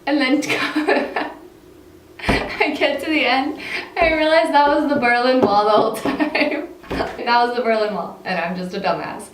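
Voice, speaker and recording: A woman's voice: high voice, measured pace. A young American woman telling a casual storytime, chatty and filling her talk with "like," often laughing between phrases. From United States. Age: young adult. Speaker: vlogger. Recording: echoey room, mic set far off, faint hiss.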